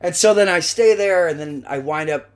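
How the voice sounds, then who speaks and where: Animated man telling a story. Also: fairly high pitch, moderate pace. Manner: lively anecdotes, acts out quoted voices, swears. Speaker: guest actor. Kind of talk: animated storytelling in a podcast interview.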